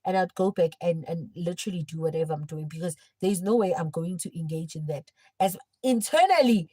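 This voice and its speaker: A young woman livestreaming, telling a personal story in casual chat and swinging between hushed and loud. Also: fairly low pitch, brisk, hardly any pauses, no echo, rough recording.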